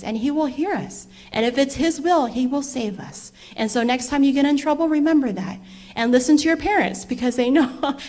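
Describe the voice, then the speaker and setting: A woman reading a children's story aloud for a church service, lively and expressive, speaking directly to the children. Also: a little high.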